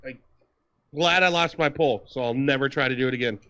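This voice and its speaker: A man's voice: medium pitch, fast talker, pushed and bright. Man telling a profane rambling story. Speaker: podcast co-host. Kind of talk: casual podcast storytelling. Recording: dull lo-fi dry sound.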